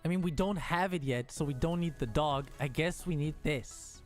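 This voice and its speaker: A man's voice: fairly high pitch, normal speed, hardly any pauses, faint music behind. A man streaming a game, talking casually to himself and the game, frustrated and joking as he builds. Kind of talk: casual gameplay commentary.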